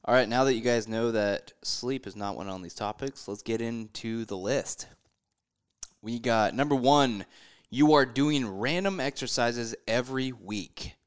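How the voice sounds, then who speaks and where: A man's voice: mid-range voice, measured pace, smooth. A man co-hosting a podcast, mostly giving short agreeing replies and laughing easily. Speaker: podcast co-host. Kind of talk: casual chat.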